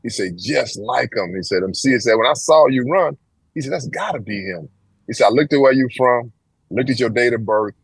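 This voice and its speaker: Husky-voiced older man telling stories. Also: a little fast, dry recording, poor audio. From Texas. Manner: animated storyteller, acts out quoted voices with big pitch jumps. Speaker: interview guest. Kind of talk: storytelling in casual interview.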